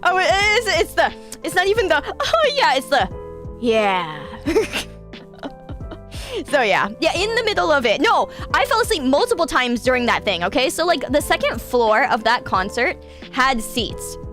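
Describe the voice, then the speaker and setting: Woman streamer host, high animated voice, candid storyteller who swears, soft music behind. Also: moderate pace. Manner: animated, laughing, swearing freely. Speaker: radio show host, VTuber. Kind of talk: casual chat storytelling.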